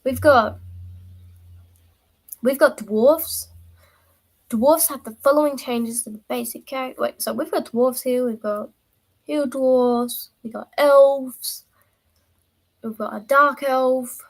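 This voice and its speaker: A woman's voice: sits high, slow, long pauses, rough recording. Chatty woman streamer, rambling and playful. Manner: rambling, self-interrupting, playful. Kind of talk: casual live-stream chat.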